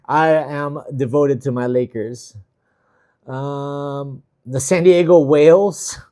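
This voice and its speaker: A man's voice: on the high side, steady tone, takes it slowly, clear, resonant tone. A man hosting a travel livestream, chatting casually and reading viewer comments with an easygoing, filler-filled manner. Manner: easygoing, chatty, many fillers, gives shout-outs.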